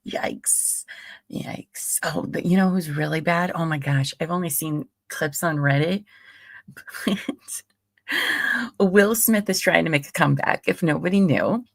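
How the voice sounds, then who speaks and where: A woman's voice: low-pitched, a little slow, gravelly, no echo. A woman in her late thirties hosting a live stream, chatting casually in a rambling way and laughing often. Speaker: livestream host.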